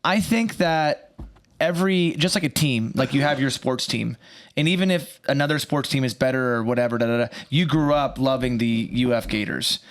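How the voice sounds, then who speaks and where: A young man with a middle-pitched, ordinary voice, thinking aloud on a podcast. He rambles and restarts his sentences as he feels his way to a point. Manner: rambling, halting, with many fillers and restarts. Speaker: podcast co-host. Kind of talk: casual podcast chat.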